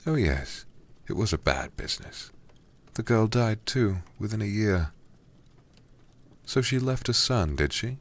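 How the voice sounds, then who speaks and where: A man voicing a gruff, gossipy old English lord in a whispered role-play reading. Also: on the low side, animated, unhurried, long pauses, pitched above the performer's own voice. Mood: grumbling. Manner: blustering, gossipy and complaining. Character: gruff, grumbling old English lord, a young man's uncle.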